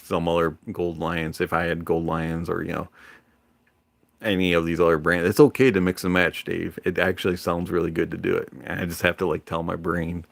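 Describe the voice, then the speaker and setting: Low gravelly man in a relaxed ramble. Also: fairly quick, dry recording. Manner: relaxed, rambling, with many fillers. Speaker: livestream host. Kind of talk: casual livestream chat.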